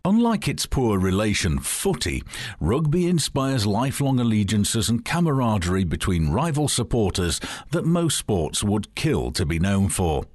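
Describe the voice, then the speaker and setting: Brief: very deep, husky man narrating a wry story, dry close recording. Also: big pitch swings, moderate pace, a little mellow, no echo. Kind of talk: telling a joke as a story.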